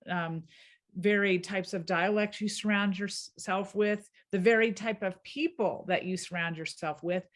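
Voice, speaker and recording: A woman linguist with a subtle Southern US accent, explaining clearly and laughing easily in a podcast interview. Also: medium pitch. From American South. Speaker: linguist guest.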